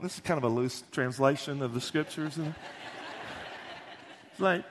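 A pastor giving a sermon, retelling scripture in a folksy, animated way with joking asides. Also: male voice, mid-range voice, normal speed, long pauses, a little hiss or hum.

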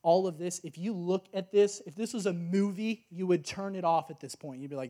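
Male preacher, high register, casual and excitable storyteller. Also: a little fast, hardly any pauses. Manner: lively, casual storytelling with slang and excited exclamations. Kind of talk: sermon.

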